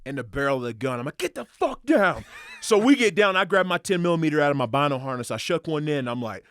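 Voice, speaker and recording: Podcast guest, male, lively profane storyteller, fairly high voice, dry close sound. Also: fast talker, clean tone, no room sound. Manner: animated, profane, excitable retelling with acted quotes. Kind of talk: casual storytelling.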